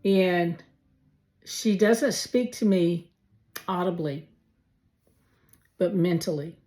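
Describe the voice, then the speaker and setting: A woman telling a heartfelt personal faith testimony, slowly and with many pauses. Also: on the low side, darkish tone. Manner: slow, heartfelt storytelling with pauses. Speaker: testimony speaker.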